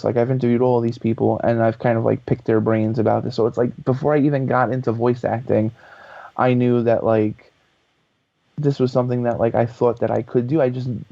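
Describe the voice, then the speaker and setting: A man guest on a podcast telling a story in a lively, casual way, swearing freely. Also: mid-range voice, gravelly, dry recording. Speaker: guest, author and voice actor. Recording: dull lo-fi podcast audio.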